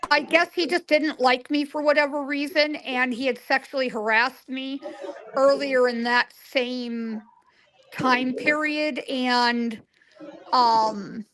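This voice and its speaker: A woman in her forties, a guest psychic, telling stories in a casual interview and acting out the dialogue in them. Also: sits high. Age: 40s. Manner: animated storyteller acting out dialogue.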